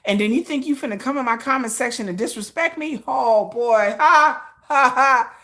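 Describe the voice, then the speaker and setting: A content creator hosting a live stream rants casually to her viewers in a brash, high, bright voice at normal speed. She's animated, curses freely, and acts out her own comebacks with big jumps in pitch.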